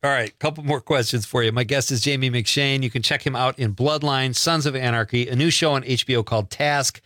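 A man hosting a casual radio interview, friendly and upbeat, asking quick questions. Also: mid-range voice, a bit bright, no room sound, studio quality. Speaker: radio show host.

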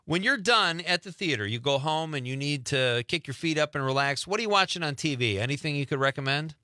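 Guy hosting a talk radio show, bright voice, dry studio sound, friendly and jokey. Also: on the high side, lively intonation, a little fast, no room sound. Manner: friendly, jokey, reads listener messages. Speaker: radio host. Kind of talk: casual radio interview chat.

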